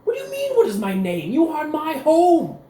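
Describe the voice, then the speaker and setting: A man doing a shrill, outraged haughty noble. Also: wildly swooping pitch, moderate pace, mellow, distant mic, slight background noise, full character voice. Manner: shrill, high and sputtering with outrage. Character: haughty indignant male noble, proud and outraged. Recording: roomy recording with faint ambience.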